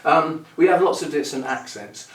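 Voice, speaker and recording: A man's voice: fairly high pitch, normal speed, fairly bright tone. Chatty man, roomy and distant. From United Kingdom. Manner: chatty and playful, laughs at his own wordplay. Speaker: orchid channel host. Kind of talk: casual rambling chat to camera.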